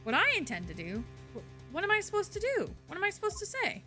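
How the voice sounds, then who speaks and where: A woman reading a nervous young male defense lawyer who stammers and second-guesses himself. His voice is high and animated, with a bright edge. Faint game music sits underneath. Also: moderate pace. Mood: panicked. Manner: flustered, stammering. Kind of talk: fan voice-over of a game's dialogue.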